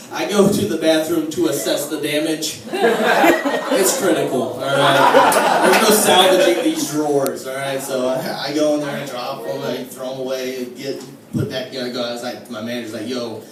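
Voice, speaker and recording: A man doing a stand-up comedy set in a comedy club, telling crude, self-mocking stories in a casual way, with lots of "like" and "all right?". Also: mid-range voice. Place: comedy club stage with live audience. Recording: distant, very echoey club recording with noise. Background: audience laughter and room ambience.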